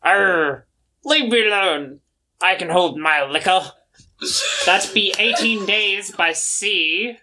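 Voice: mid-range voice, slow pace, bright, forceful tone, slight background noise, pitched above the performer's own voice. A game master voicing a boisterous pirate salamander captain who growls "arr" and talks in old pirate speech. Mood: swaggering.

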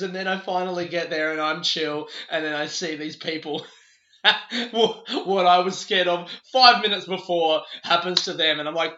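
A man's voice: a little high, measured pace, sharp tone. A young Australian man with an Australian accent telling a story in a casual, rambling way, laughing often and swearing freely. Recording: echoey room, dull lo-fi sound.

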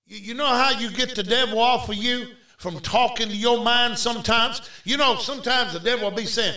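A male preacher delivers a fervent revival sermon, shouting and exhorting his listeners over and over. His voice is very high and bright. The sound is roomy, as if he stands back from the mic. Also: moderate pace, hardly any pauses, far from the mic. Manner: shouting, exhorting the crowd with repeated calls. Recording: echoey room, voice off-mic.

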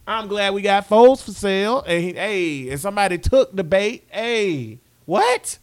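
A man's voice: sits high, lively intonation, normal speed. A man co-hosting a casual sports podcast, ranting in slangy talk with lots of rhetorical questions. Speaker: podcast co-host.

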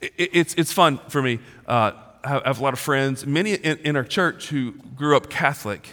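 A man in his forties preaching a sermon as a pastor, talking casually and slangily, swinging from loud emphasis to low, quiet stretches. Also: animated, brisk. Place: large church auditorium. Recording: long reverb of a large hall.

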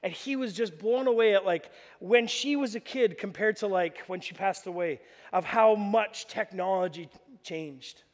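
A man preaching a sermon to a congregation in a church hall, telling lively stories and acting out the voices of the people in them. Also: sits high, moderate pace. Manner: animated storytelling, acts out voices. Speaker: pastor. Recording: long reverb of a large hall.

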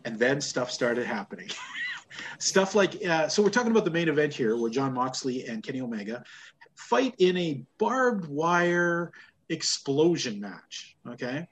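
A man's voice: fairly high pitch, big pitch swings, measured pace, slight background noise. Blunt, sarcastic man hosting a wrestling chat. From Canada. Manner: blunt, sarcastic, laughs often. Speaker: podcast host. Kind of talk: casual wrestling review chat.

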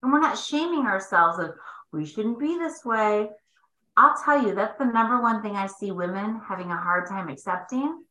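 Female host, coaching talk, bright and expressive, echoey room sound. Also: medium pitch, moderate pace. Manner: expressive, swings between emphatic and hushed asides. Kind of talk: faith-based coaching talk.

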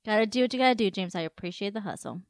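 A woman co-hosting a casual recap chat who laughs often and answers with quick agreement. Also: medium pitch, dry recording. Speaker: podcast co-host.

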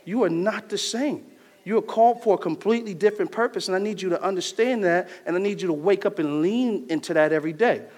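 A man preaching a sermon in a casual, slangy way, swinging between loud bursts and hushed lines. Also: sits high, quick pace, hardly any pauses. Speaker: pastor. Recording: long hall reverb.

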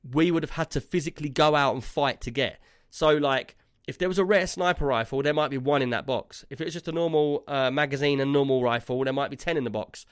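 A man with a higher-pitched voice co-hosts a casual gaming podcast, telling a long, rambling story packed with fillers. The recording is studio quality with no echo.

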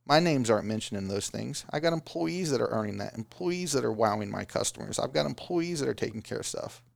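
Small-business owner, male, gravelly, casual motivational talk, dry sound. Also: mid-range voice, a little fast, no room sound. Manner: animated, does mocking voices of excuses. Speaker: business owner giving advice.

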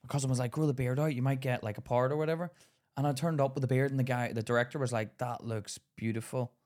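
Speaking at a quick pace with a medium-pitched voice, a man co-hosts a laid-back podcast. His storytelling is lively, peppered with laughter and quotes he performs.

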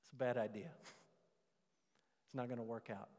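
A preacher delivers his sermon with lively emphasis, leaning on key words and drawing them out. His voice sits at an ordinary middle pitch for a man. The sanctuary adds a long, ringing reverb behind him. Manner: animated, emphatic preaching with drawn-out stressed words. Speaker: pastor.

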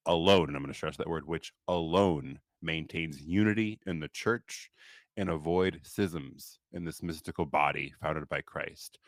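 A man's voice: rumbling low, normal speed, dry recording. A man co-hosting a casual discussion podcast, talking emphatically and reading quotes aloud with comments. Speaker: podcast co-host.

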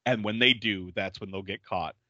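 Upbeat guy retelling a movie, bright voice, pitch all over, kinda dull lo-fi sound. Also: normal speed, no room sound. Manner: animated, laughs often, acts out characters' lines. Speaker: podcast host recapping a film. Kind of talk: casual movie recap chat.

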